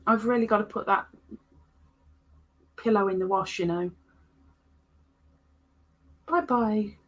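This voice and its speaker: A woman's voice: mid-range voice, takes it slowly. A woman hosting a casual crochet livestream, chatting playfully with viewers and with her pets.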